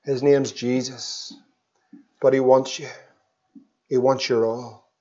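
A man preaching an evangelistic sermon, swinging between loud pleas and hushed tones. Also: mid-range voice, flat delivery, takes it slowly. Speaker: pastor. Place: church. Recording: dull lo-fi sermon recording.

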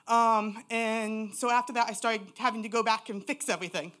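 A woman's voice: a little high, steady tone, normal speed, a bit bright. Candid woman sharing her testimony. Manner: raw, candid storytelling. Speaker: church member giving testimony. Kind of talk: personal testimony in church.

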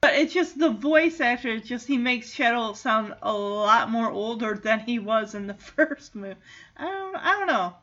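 A chatty woman in a casual recap, her pitch running a little high and swinging a lot as she exclaims and restarts. The audio is dull and lo-fi. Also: expressive, normal speed, fairly bright tone. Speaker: movie recap vlogger. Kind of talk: casual chat.

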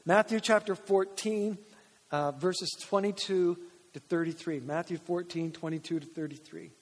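A man's voice: sits high, steady tone, normal speed. A man, a pastor from Canada, preaching a conversational sermon with joking asides and acted-out dialogue. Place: church sanctuary. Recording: church hall reverb.

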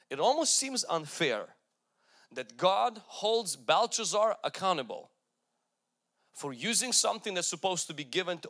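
A man's voice: fairly high pitch, fairly bright tone. A man preaching a sermon, emphatic, with repeated calls to the congregation. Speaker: pastor.

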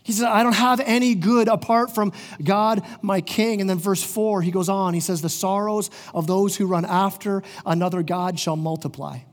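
In a church sanctuary, a middle-aged pastor delivers an earnest sermon, often restarting his words. His voice is high and steady, moving at normal speed with few pauses, and long hall reverb surrounds it.

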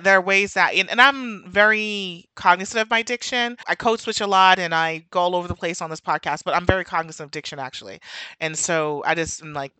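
Chatty New York woman with a bright, forceful voice. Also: on the low side, clean tone, no echo. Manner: animated, chatty, goes on tangents, laughs often. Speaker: podcast host. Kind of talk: casual opinion monologue.

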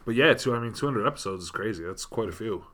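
Dude co-hosting a podcast, relaxed, teases his buddy deadpan. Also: lowish voice, fast talker. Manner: dry teasing, laid-back. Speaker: podcast co-host. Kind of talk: casual chat.

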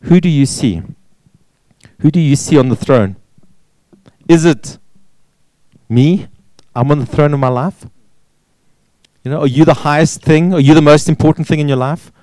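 A man's voice: a little high, moderate pace, pauses often, mellow, no room sound, poor audio. A man preaching a sermon, pressing points with repeated words and rhetorical questions. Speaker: pastor.

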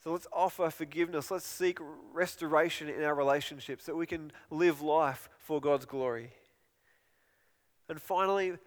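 A man's voice: on the high side, long reverb tail. A man preaching a sermon in an earnest, pleading way, often repeating and restarting phrases.

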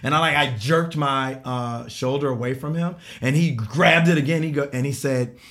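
Casual storytelling on a podcast panel: a man in his forties recounts a long personal story, voicing the people in it with animation and laughing as he goes. His voice is medium-pitched and his pace moderate.

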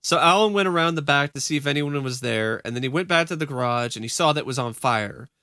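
A man's voice: on the high side, expressive, fast, pushed and bright, clear, resonant tone, dry recording, clean studio sound. A man co-hosting a podcast, chatting casually and animatedly, often laughing and restarting his words. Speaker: podcast co-host. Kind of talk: casual chat.

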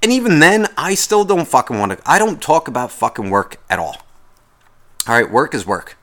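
A man's voice: mid-range voice, big pitch swings, moderate pace, pushed and bright. Profane, sarcastic man ranting. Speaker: podcast host. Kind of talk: comedic rant.

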